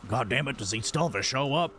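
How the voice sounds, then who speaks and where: A man doing an impression of a tired, grumpy elderly movie star who mutters and swears in a low, worn-out voice. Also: expressive, fast, bright, forceful tone, faint music behind. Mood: grumpy weary. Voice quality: weary, grumbling, low mutter. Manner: swearing, fed-up complaining.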